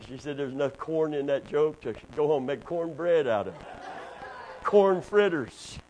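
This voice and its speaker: Man, pastor, middle-aged, a bit high-voiced, call-and-response sermon style, builds to fervent peaks. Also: brisk, dark tone, slight background noise, low-quality recording.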